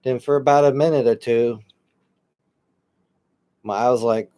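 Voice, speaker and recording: A man co-hosting a paranormal podcast, chatting in a relaxed way, laughing often and reading out listener comments. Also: mid-range voice, moderate pace, long pauses. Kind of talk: casual chat. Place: home studio.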